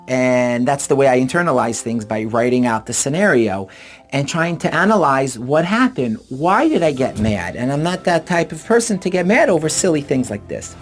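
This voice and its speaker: A middle-aged man and author, earnestly retelling personal anecdotes to explain a relationship idea. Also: fairly high pitch. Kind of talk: personal storytelling and advice talk.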